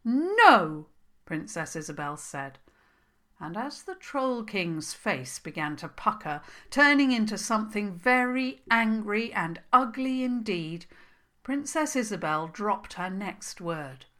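Woman storyteller, children's fairy tale narration, unhurried, mid pitch. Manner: slow, expressive storytelling.

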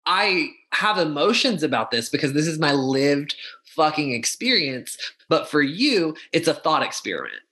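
A man's voice: on the high side, very animated, pushed and bright. A man in a casual discussion, talking with passion, speeding up and stumbling over restarts and fillers. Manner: impassioned, fast-talking with frequent restarts and fillers.

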